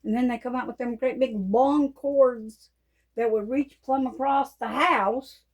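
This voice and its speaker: A woman, telling folksy stories in a casual, animated way and laughing often. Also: fairly high pitch, a little slow, rough recording. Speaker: Christian vlogger. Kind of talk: casual storytelling monologue.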